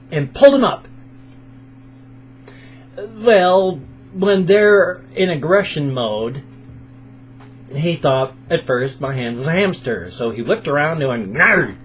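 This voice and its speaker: A man in his fifties with a sore throat, chatting casually at home in a morning vlog and telling stories with animated sound effects. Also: on the high side. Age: 50s. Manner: animated storyteller who makes sound effects. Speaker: video blogger.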